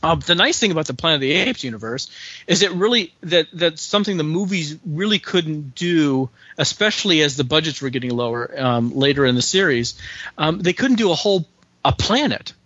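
A man's voice: fairly high pitch, expressive, a little fast, a bit bright, no echo. A man in his forties, a writer being interviewed, talking casually and enthusiastically with frequent restarts. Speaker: comic book writer guest. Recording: dry, slightly dull sound.

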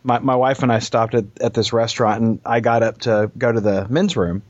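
A man telling an anecdote and chatting with friends, animated and halting, with many restarts, over dry, slightly dull audio. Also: medium pitch, no echo. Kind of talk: casual storytelling and chat.

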